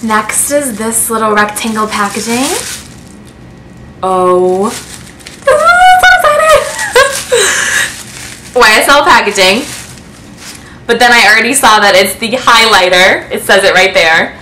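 A woman in a casual beauty vlog, unboxing gifts to camera and gushing with excitement. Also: medium pitch, unhurried, noisy background. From United States. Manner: gushing, excitable, breathless with delight. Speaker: beauty vlogger. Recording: echoey room.

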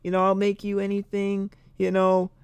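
A man's voice: high-pitched, completely flat delivery, normal speed, smooth, no echo, pitched above the performer's own voice. A man putting on a voice for a pushy young woman cook who presses odd food on a guest, in a sing-song, coaxing tone.

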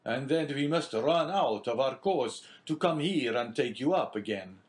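A man doing a loud, loyal sea captain. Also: expressive, measured pace, lightly acted. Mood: troubled. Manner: declaims lines louder and higher than his narration. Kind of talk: audiobook character reading.

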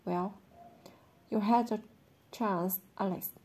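A woman's voice: medium pitch, fairly even intonation, takes it slowly, dark tone, slightly rough. A woman reading the lines of a stern, angry father in an audiobook, speaking curtly and harshly. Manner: curt, harsh.

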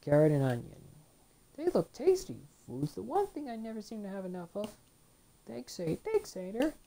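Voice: medium pitch, very animated, normal speed, gravelly, dark tone, slight background noise, voice pushed up. A woman voicing a cheerful, hungry young male martial-arts hero in a video game, reading his lines in a raised, friendly voice. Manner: upbeat, friendly.

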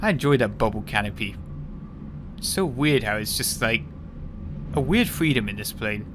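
A man's voice: medium pitch, expressive, moderate pace, noisy background. A man streaming a game, giving casual, joking commentary that is irreverent and profane.

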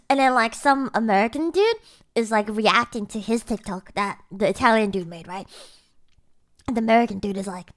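A woman's voice: on the high side, moderate pace. A woman streamer in casual livestream chat, reading chat aloud and swearing casually. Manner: swears casually, breaks into loud laughter.

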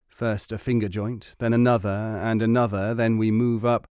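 A man voicing a male resistance leader who speaks slowly and deliberately, with calm menace. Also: lowish voice, clear, resonant tone, no room sound, studio quality, close to an everyday voice. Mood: menacing.

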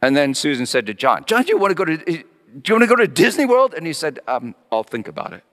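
A middle-aged man preaching with a lively, swooping delivery that climbs high when he acts out his excited kids. His voice sits higher than most men's. He tells the story as a sermon, moving between playful voices and quiet reflection. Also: fast talker, big-room sound. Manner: animated, acting out his children's voices. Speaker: pastor.

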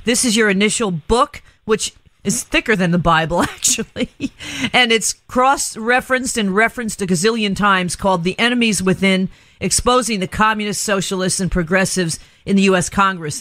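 A woman hosting a talk radio show, chatty and quick to laugh. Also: mid-range voice, fairly bright tone, no echo. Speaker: radio host. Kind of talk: casual talk radio chat.

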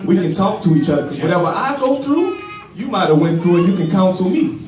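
A man's voice: high voice, very animated, fast talker, crowd noise. A man preaching a sermon to a congregation, telling a story and drawing call-and-response. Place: church with congregation. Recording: echoey church from far off with congregation.

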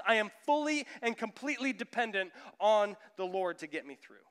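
A man in his thirties, a pastor preaching a sermon in a church, lively and acting out the voices of people he quotes. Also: high-pitched, clear, resonant tone. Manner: animated, acts out quoted voices of his son and listeners. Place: church sanctuary. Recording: echoey church hall.

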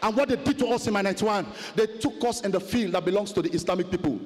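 A man preaching a fiery sermon testimony, chanting and shouting repeated refrains. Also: high-pitched, fast. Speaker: pastor. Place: large conference hall. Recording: long hall reverb.

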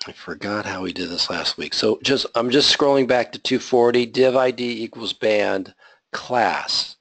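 A man's voice: medium pitch, a little slow, creaky, fairly bright tone, no echo. A man teaching a web design class, talking through his code step by step and checking in with the students. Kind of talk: live coding lecture.

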